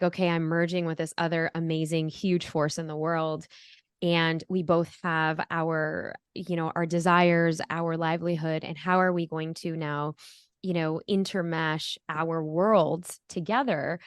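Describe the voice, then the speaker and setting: A woman's voice: sits low, smooth, dry recording, studio quality. A middle-aged woman telling her personal story as an interview guest, earnest and reflective, with frequent fillers.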